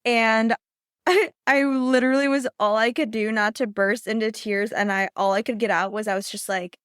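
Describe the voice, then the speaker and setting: A young woman hosting her podcast, telling her personal story in a casual, chatty way, full of "like" and quick laughs. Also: fairly high pitch, fairly even intonation, fairly bright tone, clean tone, no room sound, clean studio sound. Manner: casual, heavy use of "like", laughs often. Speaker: podcast host and coach.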